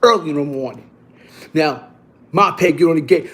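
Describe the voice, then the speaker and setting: High-voiced man telling a street story. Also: normal speed, long pauses. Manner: animated, profane street talk with many restarts and repeats. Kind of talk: casual storytelling to camera.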